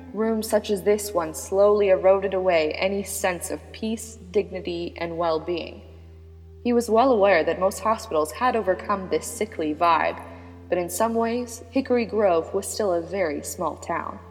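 A woman narrating a serialized story in a measured, dramatic manner. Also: mid-range voice. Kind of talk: scripted audiobook narration. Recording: long reverb with background music.

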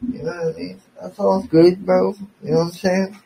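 A man's voice: high voice, flat delivery, normal speed, creaky, mellow, low-quality recording. Man, podcast host, confrontational rant, sarcastic, profane, faint background noise. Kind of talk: angry on-air rant.

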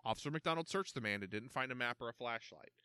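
Animated, bright-voiced male storyteller. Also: medium pitch, fast talker, smooth, no room sound. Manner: expressive, animated reading. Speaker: narrator. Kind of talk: storybook read-aloud.

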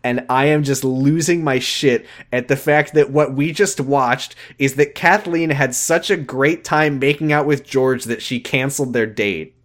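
A podcast co-host in casual chat recapping a TV show, animated and swearing, often breaking into laughter mid-sentence. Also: mid-range voice, a little slow, few pauses.

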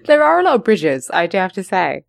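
A woman talking in a casual podcast chat, sarcastic and animated, swearing now and then. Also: medium pitch, a little fast, creaky, no room sound, studio quality. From not from London.

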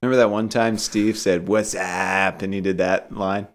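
A man's voice: fairly low pitch, steady tone, a little fast. A young man co-hosting a casual comedy podcast, joking and rambling through callbacks. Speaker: podcast co-host. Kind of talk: casual chat.

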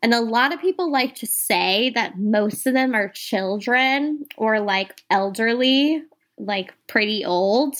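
A woman's voice: a little high, takes it slowly, a bit bright. A woman co-hosting a podcast, chatting casually as she tells ghost stories and talks straight to her listeners. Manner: chatty, addresses listeners as "you guys". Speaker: podcast co-host. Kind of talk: casual ghost-story chat.

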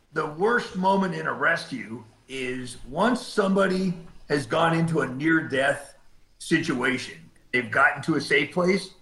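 Bright-voiced man telling a rescue story. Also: on the high side, reverberant, low-quality recording. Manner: laid-back storyteller, acts out quotes, laughs at himself. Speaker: cave rescue diver. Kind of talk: storytelling in a casual interview.

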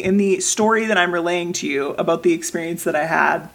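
A woman's voice: fairly low pitch, a little fast. A woman in her thirties co-hosting a podcast, telling personal stories in a casual, emotional way. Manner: emotional, animated storytelling with acted quotes. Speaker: podcast co-host. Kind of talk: casual conversation.

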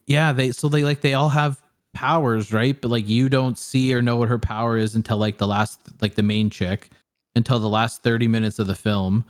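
A man's voice: mid-range voice, steady tone, moderate pace. A young man in casual chat, reviewing a film in a rambling way with lots of fillers and swearing. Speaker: podcast co-host reviewing a film.

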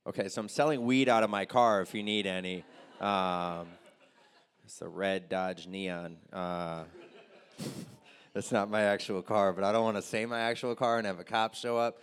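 A man's voice: fairly low pitch, steady tone, moderate pace. A young man doing a loose, crude stand-up set and chatting with the crowd. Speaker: stand-up comedian.

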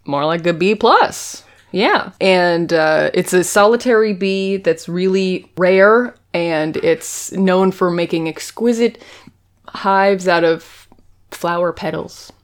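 Lowish-voiced woman retelling a TV episode. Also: takes it slowly. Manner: animated retelling, acts out quotes, giggly. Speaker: podcast co-host recapping a TV episode. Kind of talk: casual chat.

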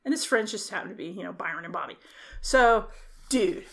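A woman's voice: mid-range voice, fairly quick, creaky. A woman co-hosting a casual podcast, retelling a film's plot with swearing and acted-out quotes. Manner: profane, animated storytelling with acted quotes. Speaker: podcast co-host. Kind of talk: casual chat, film rant.

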